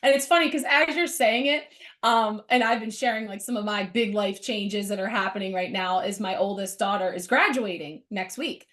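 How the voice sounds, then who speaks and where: A woman's voice: mid-range voice, moderate pace, a bit bright. A middle-aged woman co-hosting a casual spiritual chat, reflective and lifting her voice for quoted thoughts. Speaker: co-host.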